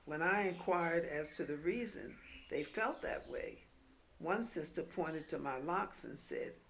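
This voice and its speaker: A woman with a New York twang reads her memoir at an unhurried pace. Her voice carries a gravelly texture, and her delivery is wry, like a storyteller's. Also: sits low, a bit bright, slight background noise. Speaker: memoir author. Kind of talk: memoir reading.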